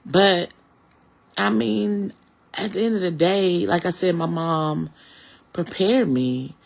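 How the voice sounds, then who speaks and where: A man's voice: high-pitched, slow pace, vocal fry. A man in his forties, a comedian, talking earnestly and directly to his viewers in a reflective, faith-filled personal monologue. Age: 40s.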